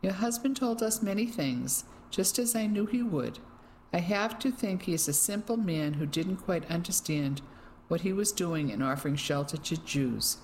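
A woman's voice: on the low side, lively intonation, moderate pace, darkish tone, slight background noise, voice pushed up, rough recording. Woman voicing a smug, cruel Nazi officer. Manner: mocking, menacing, self-satisfied.

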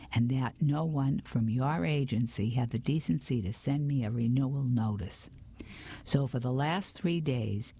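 A man's voice: medium pitch, warm tone, breathy edge. A man whispering the part of a distraught, indignant gallery owner in a storybook reading, as whispered role-play. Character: distraught middle-aged male gallery owner.

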